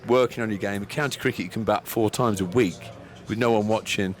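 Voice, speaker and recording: A man's voice: on the low side, steady tone, brisk. A man, a former England cricketer, giving frank, easygoing expert comment on live cricket radio while a little out of breath. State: slightly out of breath. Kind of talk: expert summariser chat.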